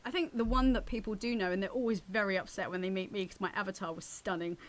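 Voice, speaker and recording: A woman actress and voice actor, a guest on a radio arts show, telling lively stories about her work. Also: medium pitch, quick pace. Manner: lively storyteller, acts out quoted voices. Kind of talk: radio interview chat.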